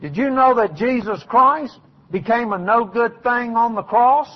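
Male preacher, very high husky voice, fiery folksy delivery, muffled lo-fi recording. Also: a little slow. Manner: folksy, shouting at peaks then dropping low. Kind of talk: fiery sermon.

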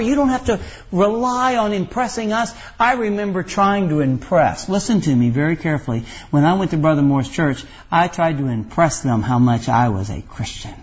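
A man's voice: fairly high pitch, lo-fi sound. A man preaching a folksy, emphatic sermon as pastor.

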